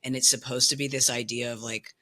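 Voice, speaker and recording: A man on a casual podcast, talking hesitantly and thinking aloud with many pauses. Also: mid-range voice, little pitch movement, pushed and bright. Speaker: podcast co-host. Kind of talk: casual group chat.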